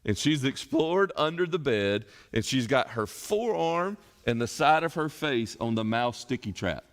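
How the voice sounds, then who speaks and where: A man's voice: mid-range voice, expressive, a little slow. A middle-aged man, a pastor leading a Bible study, preaching in a conversational way and telling folksy stories as illustrations. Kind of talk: conversational sermon. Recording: long hall reverb.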